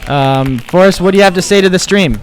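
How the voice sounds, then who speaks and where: A man's voice: high-pitched, quick pace, a little hiss or hum. A man hosting a casual livestream, upbeat and encouraging as he chats with a guest and his young son. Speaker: stream host and father.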